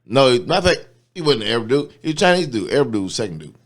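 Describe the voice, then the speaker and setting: A man's voice: medium pitch, big pitch swings, very fast. A man telling a long, profane story in casual chat, acting out the people he quotes. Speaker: comedian guest.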